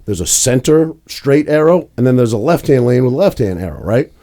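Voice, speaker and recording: A man's voice: medium pitch, lively intonation, fairly quick, mellow. A young man co-hosting a podcast, telling a rambling story in casual chat with plenty of swearing. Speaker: podcast co-host.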